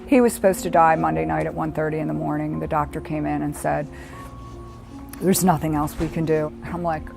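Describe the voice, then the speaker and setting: A middle-aged woman, a bereaved mother, telling her story in a halting, reflective way with pauses. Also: deep voice, flat delivery, creaky. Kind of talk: personal documentary testimony. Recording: music playing underneath. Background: soft background music.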